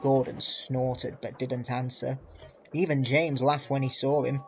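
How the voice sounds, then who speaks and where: A man reading a children's storybook aloud as narrator, with a lively, expressive delivery. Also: medium pitch, a little slow, dull audio, a little hiss or hum.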